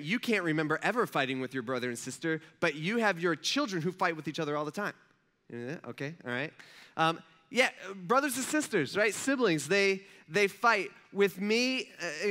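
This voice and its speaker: A young man preaching to a congregation, telling a story in a lively, conversational way and asking the audience questions. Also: a little high. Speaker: pastor. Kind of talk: storytelling sermon.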